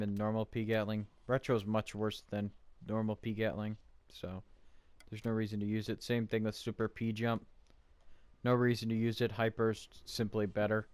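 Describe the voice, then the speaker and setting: A young man giving casual, monotone commentary over his own gameplay. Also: lowish voice, no room sound. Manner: monotone, offhand. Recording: clear background noise.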